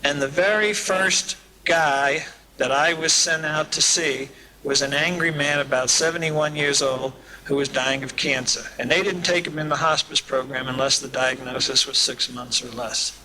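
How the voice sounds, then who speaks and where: A man's voice: fairly high pitch, steady tone, normal speed, crowd noise, poor audio. A man giving a talk at a recovery meeting, telling humorous stories in a folksy way. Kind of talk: storytelling talk to an audience. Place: live talk at a summer event. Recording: hissy old cassette tape.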